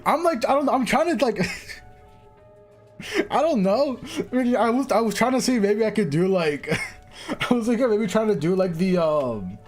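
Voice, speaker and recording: A man's voice: sits high, sing-song, unhurried, long pauses, faint music behind. A young man streaming a game, chatting casually, rambling and laughing at himself. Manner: laughs often, rambling and self-mocking. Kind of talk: casual live-stream chat.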